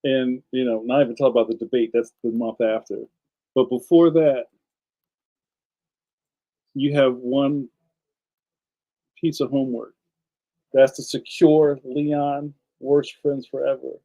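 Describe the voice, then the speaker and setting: A man's voice: medium pitch, flat delivery, unhurried, pauses often, mellow, poor audio. A man hosting a casual livestream, chatting enthusiastically and speaking straight to his viewers. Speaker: livestream host and cartoonist.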